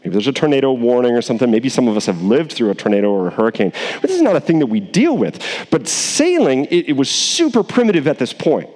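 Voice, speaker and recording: A male pastor preaching a sermon in a casual, animated way, acting out the characters in quick voices. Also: mid-range voice, in a large hall.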